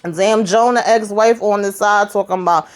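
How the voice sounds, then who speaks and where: A woman's voice: medium pitch, steady tone, normal speed. A woman giving a casual, sassy recap of a TV episode, blunt and swearing freely as she comments.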